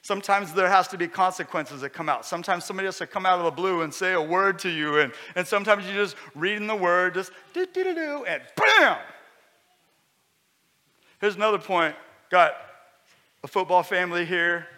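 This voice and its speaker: A man preaching a sermon as pastor, conversational and lively, with sudden loud bursts. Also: sits high, quick pace. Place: church hall. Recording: long hall reverb.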